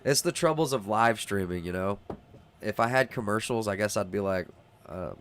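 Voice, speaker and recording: A man's voice: on the low side, moderate pace, fairly bright tone, slight background noise. A man hosting a casual live-stream podcast with a stuffed-up nose, talking frankly with his viewers and getting riled easily. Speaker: livestream podcast host.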